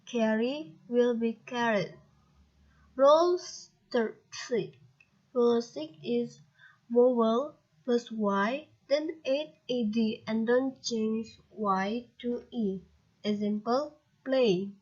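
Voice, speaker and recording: A young woman student with an Indonesian accent, reading a grammar lesson aloud in a halting way and spelling out letters. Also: a little high, a little mellow, muffled recording. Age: young adult. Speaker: student presenter.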